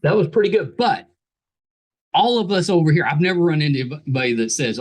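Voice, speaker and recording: Man, West Virginia accent, podcast host, very lively pitch, enthusiastic, jokey. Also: quick pace. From West Virginia, USA. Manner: enthusiastic, jokey, repeats words. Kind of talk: casual interview chat.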